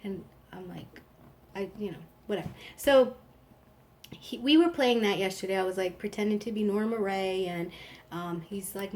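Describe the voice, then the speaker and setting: A woman's voice: mid-range voice, moderate pace, darkish tone. Chatty woman rambling with a slight hiss. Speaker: live-stream host. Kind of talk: casual chat.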